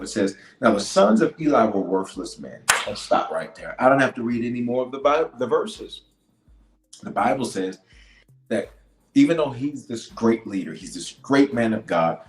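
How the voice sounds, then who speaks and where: A man's voice: lowish voice, a little mellow, roomy sound, low-quality recording. A man, a bishop, giving an emphatic preaching-style talk on leadership, repeating key lines and dropping to near-whispers for effect. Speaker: bishop and pastor.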